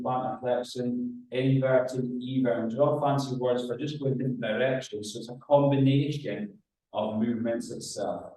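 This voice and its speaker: A man leading a guided exercise class as a running rehab coach, giving calm cues and counting down reps. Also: mid-range voice. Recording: very echoey room, mic far off.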